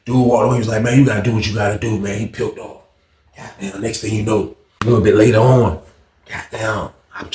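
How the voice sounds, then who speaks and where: A man telling a story casually to his viewers, animated and profane, repeating phrases for emphasis. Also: mid-range voice, roomy sound.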